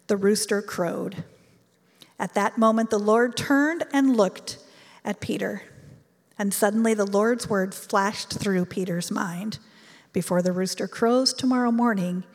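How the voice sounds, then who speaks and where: A woman preaching a sermon and reading scripture in an earnest, measured way. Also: medium pitch, long reverb tail.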